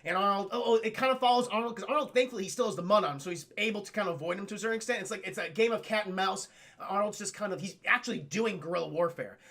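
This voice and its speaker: High bright-voiced man recapping a film. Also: very fast. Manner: animated, profane, often addresses chat. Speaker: streamer and film reviewer. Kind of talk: casual livestream film recap.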